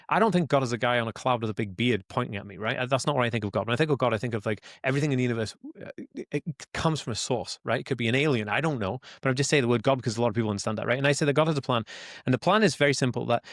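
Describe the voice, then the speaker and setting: Recorded dry in a studio, a mid-range-voiced Welsh man in his forties tells his life story as an interview guest. An autism advocate, he speaks in a casual, rambling, earnest way, emphatic and full of "like" and "right?", repeating words and addressing listeners as guys.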